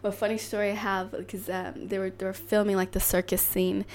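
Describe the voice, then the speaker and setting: Chatty woman, quick laugh. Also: medium pitch, little pitch movement, darkish tone, slight background noise. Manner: chatty, laughs often, trailing restarts. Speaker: stunt performer guest. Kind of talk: casual podcast chat.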